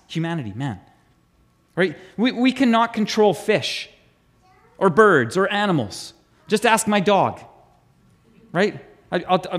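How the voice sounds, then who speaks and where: Pastor, male, high animated voice; chatty sermon delivery that quizzes the room. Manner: chatty, asks the congregation questions, repeats words. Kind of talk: conversational sermon.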